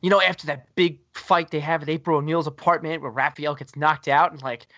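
A man's voice: fairly high pitch, steady tone, brisk, pushed and bright, dry recording. Rambling jokey man hosting a podcast. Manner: rambling and jokey, with many fillers. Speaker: podcast host. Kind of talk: casual chat. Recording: dry, dull lo-fi recording.

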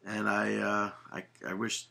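A man's voice: on the low side, completely flat delivery, a little slow, gravelly, pushed and bright. A young man co-hosting a casual podcast, enthusiastic, laughing often and trailing off mid-sentence. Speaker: podcast co-host.

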